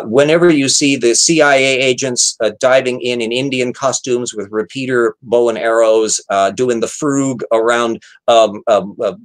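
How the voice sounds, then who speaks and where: In a low-quality recording, a medium-pitched man hosts an aftershow, chatting casually and rambling about old films with lots of fillers and restarts.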